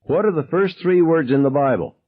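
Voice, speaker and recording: Guy doing a wild high-pitched teen gunman, screaming questions, husky, lo-fi audio. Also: animated, fairly quick. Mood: shrill, menacing. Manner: high, shrill interrogating shouts. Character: frantic male teen gunman, shrieking questions. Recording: dull lo-fi sound.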